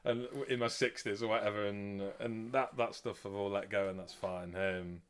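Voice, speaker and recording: Brief: male musician guest, low-pitched, relaxed and thoughtful. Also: moderate pace. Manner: relaxed, reflective, many fillers. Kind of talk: casual interview answers.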